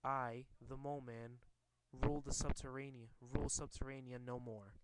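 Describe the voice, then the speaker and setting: A man reading out the lines of a fallen underground king, slowly and haltingly. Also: mid-range voice, fairly even intonation, heavy background noise, natural voice. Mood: grave. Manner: slow halting read-aloud.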